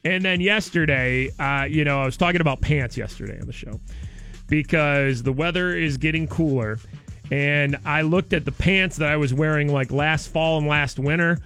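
A man's voice: on the high side, moderate pace, a bit bright, soft background music. A man hosting a radio show, talking in a casual, playful way and laughing often.

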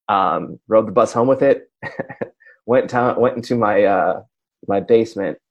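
Unhurried and on the low side, this voice belongs to a radio personality and podcast co-host in his forties from Racine, Wisconsin, USA. His casual story rambles along, self-deprecating and full of side remarks.

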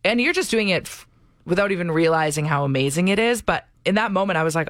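A woman's voice: mid-range voice, expressive, fairly quick, a bit bright, no echo, studio quality. A young adult woman co-hosting a radio show, chatting casually and effusively, laughing often. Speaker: radio co-host.

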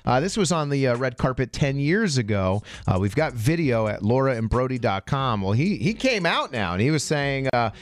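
A man's voice: mid-range voice, sing-song, moderate pace, few pauses. A man co-hosting a morning radio show, joking and teasing, slipping into goofy put-on voices over a studio microphone.

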